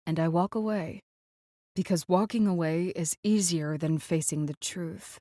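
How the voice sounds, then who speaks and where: A woman reads a first-person audiobook in a measured, clipped way with tension under the lines. Her voice is on the lower side. The sound is close and dry, with no room echo. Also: fairly even intonation, mellow. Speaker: audiobook narrator. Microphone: close studio mic.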